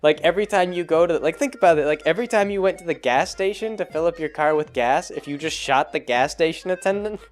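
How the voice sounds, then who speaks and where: A man's voice: on the high side, fast, few pauses, soft background music. A man hosting a vlog in loose, rambling casual chat, full of filler words and chuckles. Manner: chuckles as he talks. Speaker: vlog host.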